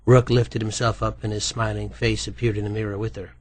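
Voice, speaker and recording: A man reading a novel aloud as narrator in an even, measured way. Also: lowish voice. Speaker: audiobook narrator. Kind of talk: scripted narration.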